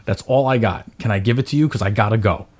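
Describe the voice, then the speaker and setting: A man's voice: fairly low pitch, fast talker. A man in his thirties, a podcast host, telling a story in casual chat and acting out his own voice in quotes. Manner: animated, acts out his own yelling in quotes.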